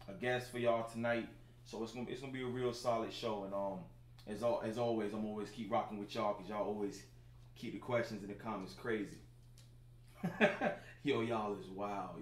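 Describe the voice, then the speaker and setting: Easygoing male livestream host in his thirties, lowish voice, chatty with viewers, a roomy recording with faint hiss. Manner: laid-back, talks straight to chat viewers, lots of filler phrases. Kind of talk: casual livestream chat with viewers. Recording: roomy sound with faint background noise.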